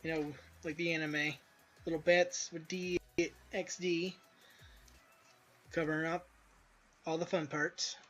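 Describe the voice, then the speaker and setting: A man's voice: on the high side, flat delivery, slow pace, pauses often, a bit bright. A man casually chatting while testing his own game, rambling loosely with crude asides. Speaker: indie game developer. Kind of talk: casual gameplay commentary. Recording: dull lo-fi audio with faint music.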